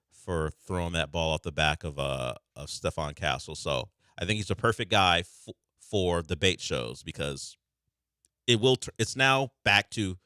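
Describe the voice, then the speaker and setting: A man's voice: low-pitched, sharp tone, dry recording, clean studio sound. A man hosting a sports radio show, talking casually and rambling with restarts. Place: radio studio.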